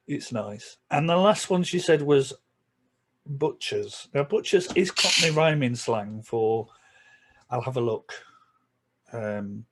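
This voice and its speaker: A man with a Yorkshire accent, chatting casually in a reaction video and explaining things with everyday examples. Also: mid-range voice. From Yorkshire, England. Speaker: vlogger.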